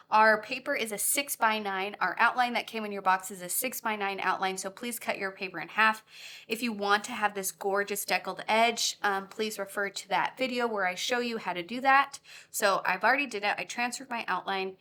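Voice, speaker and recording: A woman's voice: medium pitch, moderate pace, bright, forceful tone. A woman teaching a watercolor lesson in a bubbly, giggly, grateful way. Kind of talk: friendly tutorial instruction.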